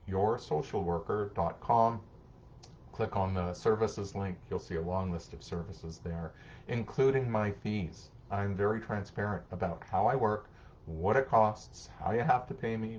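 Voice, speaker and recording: Low-voiced man, lo-fi sound. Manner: warm, conversational, acts out short parent-child exchanges. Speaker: social worker and counselor. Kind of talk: live-streamed advice talk reading comments.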